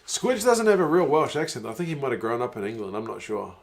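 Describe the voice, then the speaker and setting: A man casually chatting on a live stream, reading viewer comments aloud and reacting to a rugby match, with frequent chuckles and bursts of excitement at big plays. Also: medium pitch, quick pace, creaky.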